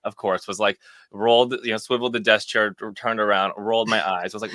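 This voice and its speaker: A man's voice: on the low side, steady tone, quick pace, pushed and bright, no echo. A man in his twenties, a podcast guest, telling a story in a wry, self-mocking way, with lots of "like". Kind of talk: casual storytelling.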